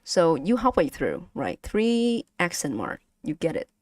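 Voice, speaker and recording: A woman's voice: lowish voice, sing-song, unhurried, no echo, studio quality. A woman with a Vietnamese accent teaching her stream chat to pronounce Vietnamese tones in a playful, giggly way. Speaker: vtuber language streamer. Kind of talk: casual language lesson to stream chat.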